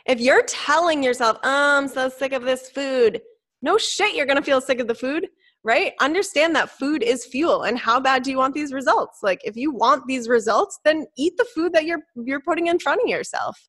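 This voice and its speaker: A young woman with a fairly high voice co-hosting a podcast. She talks in a blunt, emphatic way and swears freely. The tone stays casual and conversational throughout. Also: lively intonation, normal speed, fairly bright tone. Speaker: podcast co-host. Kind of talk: casual chat.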